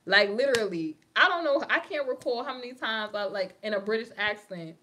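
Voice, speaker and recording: A woman's voice: fairly high pitch, animated, brisk, pushed and bright, a little hiss or hum. A young woman from New York with a New York accent, hosting a casual livestream and chatting with viewers, laughing often and talking in slang. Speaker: livestream host. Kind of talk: casual livestream chat reading comments.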